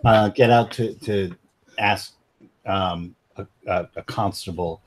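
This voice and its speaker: A man narrating as game master of a tabletop game, halting and stammering with fillers. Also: deep voice.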